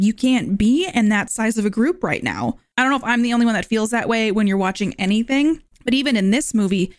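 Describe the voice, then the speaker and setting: Chatty woman with a higher voice. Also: no echo, studio quality. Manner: chatty, wry, quick asides. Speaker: podcast host. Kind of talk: casual movie reaction monologue.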